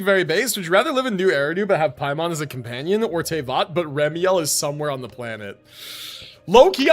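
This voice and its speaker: Animated, joking male game streamer. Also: high-pitched. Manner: profane, joking and rambling. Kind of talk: casual live-stream commentary. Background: game music.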